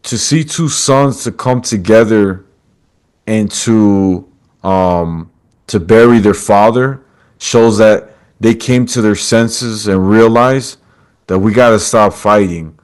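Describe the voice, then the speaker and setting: A man's voice: on the low side, slow, smooth. A man hosting a podcast over a video call, retelling a story with quoted lines and calling his guest brother. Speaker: podcast host. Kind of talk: casual storytelling chat.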